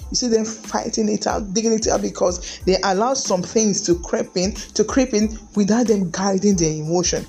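A middle-aged woman, a lawyer, speaks at a moderate pace with few pauses, her medium-pitched voice warm over faint music. She gives an earnest, emphatic, preachy talk on marriage, repeating words and tossing in "hey" again and again.

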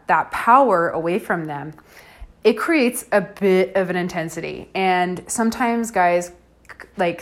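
Frank, chatty woman podcast host. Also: lowish voice. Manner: frank and chatty, laughs often, many fillers. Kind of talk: casual solo podcast monologue.

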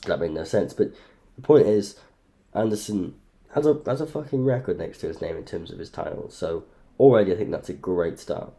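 Low, dark-voiced sweary man. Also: lively intonation, brisk, creaky. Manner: sweary, loudly incredulous outbursts. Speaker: podcast host ranking fighters. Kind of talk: casual podcast chat.

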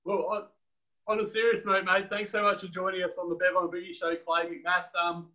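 A man's voice: high-pitched, flat delivery, a little fast, bright, forceful tone, muffled recording. A man co-hosting a podcast, teasing his guest in a matey, casual way. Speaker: podcast co-host. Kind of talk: casual chat.

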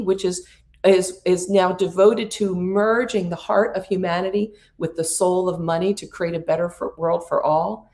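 A middle-aged woman giving a spiritual prosperity coaching talk about astrology, speaking in an earnest, soothing way with playful asides. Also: fairly low pitch.

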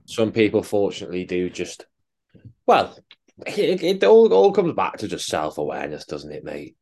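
A man's voice: sits low, big pitch swings, normal speed, a little mellow. A young man, a fitness coach in casual chat, blunt and sweary, calling his co-host mate.

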